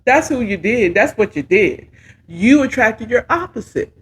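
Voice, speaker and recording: A woman's voice: fairly high pitch, sing-song, a little slow. A middle-aged woman giving casual, sassy, playful commentary while reviewing a talk show.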